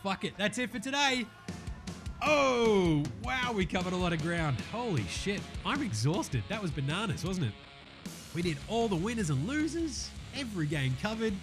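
High-voiced Australian podcast host. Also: male voice. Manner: swears freely, laid-back slangy banter. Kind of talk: casual sports podcast chat.

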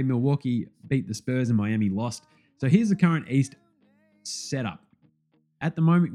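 Sweary, animated sports host. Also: male voice, medium pitch. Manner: sweary, animated, jokey banter. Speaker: basketball podcast host. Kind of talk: casual sports recap.

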